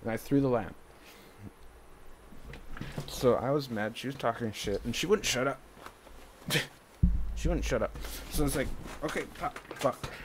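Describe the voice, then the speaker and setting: A man's voice: medium pitch, a little slow, long pauses, noisy background. A man talking to the camera in a casual monologue, agitated and repeating himself. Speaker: vlogger.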